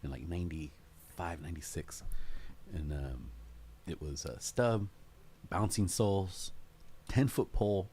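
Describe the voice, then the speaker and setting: A man's voice: sits low, takes it slowly, pauses often, a little mellow, breathy edge. A man guesting on a podcast, recalling his band days in rambling, profane casual chat.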